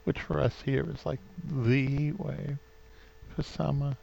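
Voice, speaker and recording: Gravelly New England man rambling on. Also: mid-range voice, little pitch movement, unhurried, dark tone, slight background noise, low-quality recording. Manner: rambling, full of fillers and restarts; sentimental, gets openly emotional. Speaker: vlogger. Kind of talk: rambling casual vlog. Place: at home.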